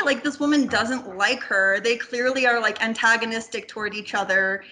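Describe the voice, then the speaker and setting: A woman with a slightly high voice, speaking at a moderate pace, guests on a film podcast. She's animated and rambling, leaning heavily on "like" and swearing casually now and then.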